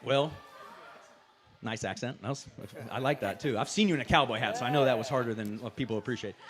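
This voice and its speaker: A man's voice: medium pitch, quick pace, crowd noise. A man who commentates fights, moderating a press conference and asking fighters questions in a chatty, enthusiastic way with lots of fillers.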